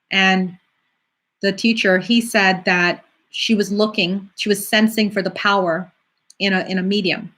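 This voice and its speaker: A middle-aged woman, a psychic medium, talking casually on a live stream and answering viewer questions in a chatty, animated way. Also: mid-range voice. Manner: chatty, animated, acts out quoted voices.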